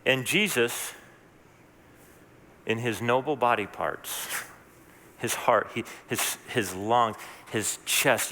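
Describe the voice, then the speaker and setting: A man's voice: mid-range voice, takes it slowly, pauses often, sharp tone, big-room sound, a little hiss or hum. A man preaching a sermon as pastor, talking in a conversational, earnest way with asides and restarts.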